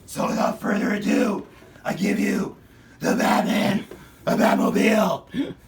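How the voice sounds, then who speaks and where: A man putting on a comic impression of Batman, a gruff boastful male vigilante, with a gravelly, loud and strained voice in a hobby video. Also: sits high, a little slow, background noise, voice pushed up. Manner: over-the-top growl while showing off a toy car.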